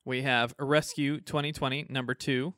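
A man hosts a casual podcast, reading off a list of releases and cracking jokes between items. His voice is bright and smooth, recorded close and dry, with no room around it. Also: mid-range voice, flat delivery, moderate pace, no room sound. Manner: reads a list of comic releases, joking. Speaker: podcast co-host.

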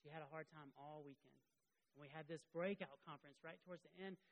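A middle-aged man giving a sermon as a pastor, earnest, moving between loud emphasis and quiet confession. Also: on the high side, fast, rough recording.

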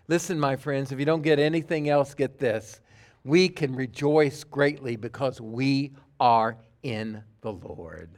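A man's voice: fairly high pitch, lively intonation, slow pace. A man preaching a sermon as pastor, earnest and emphatic.

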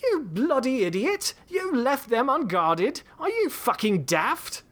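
A man's voice: a little high, expressive, unhurried, voice pushed up. A man voicing a brash, guffawing English gunman with an English accent. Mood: shouting. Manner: loud, blustering, guffawing.

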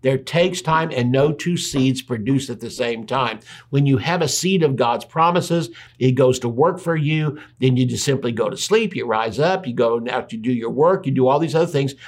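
A man's voice: mid-range voice, normal speed. A man preaching a sermon, making his points with rhetorical questions and repetition and reading scripture aloud in between.

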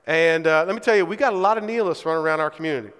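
A man's voice: a little high, rapid-fire, fairly bright tone, clear, resonant tone. A man preaching a sermon in a church, speaking emphatically and often checking in with his listeners by asking "right?". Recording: reverberant hall.

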